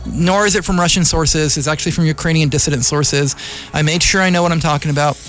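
High-voiced man ranting on radio. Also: fairly even intonation, fast, fairly bright tone, faint music behind. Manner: impassioned, rambling, argumentative. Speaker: radio show host. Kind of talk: opinionated radio commentary monologue. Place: community radio studio.

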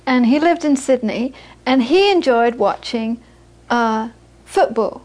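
Middle-aged woman, a Buddhist teacher with a high voice, chatty storytelling talk full of restarts. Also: slow, darkish tone. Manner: chatty storyteller, many restarts and repeated words. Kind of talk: informal dharma talk with anecdotes.

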